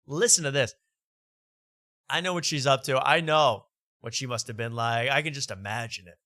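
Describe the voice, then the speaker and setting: Sharp, bright-voiced sarcastic male host. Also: mid-range voice, moderate pace, no room sound, studio quality. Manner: sarcastic, riffing, mock voices. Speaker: talk show host. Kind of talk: casual comedic commentary.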